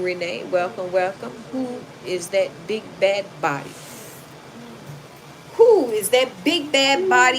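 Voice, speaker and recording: A woman hosting a livestream, reading chat comments and telling stories to her viewers in a loud, animated, casual way, calling them "y'all". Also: medium pitch. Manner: animated, loud, talks straight to the audience and calls them y'all. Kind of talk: casual storytelling to a livestream audience. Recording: noisy home livestream.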